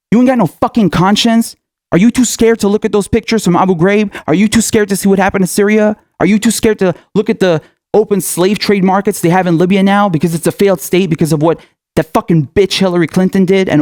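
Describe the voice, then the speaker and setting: A young man tears into his audience in a furious, profanity-laced political rant. His voice sits a little high and the recording is close and dry. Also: no echo. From Middle East. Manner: furious, profane, shouting insults. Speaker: political commentator.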